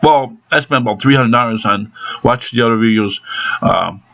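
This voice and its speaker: A man's voice: medium pitch, moderate pace, vocal fry, fairly bright tone, highs cut off. A man venting angrily in a profane vlog monologue about his car being repaired. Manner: angry, cursing constantly.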